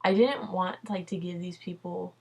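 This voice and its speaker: Chatty young woman with a lowish voice. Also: fairly even intonation, moderate pace, vocal fry, breathy edge. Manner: chatty, peppered with "like" and "dude", swears freely. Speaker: vlogger. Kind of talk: casual personal storytelling.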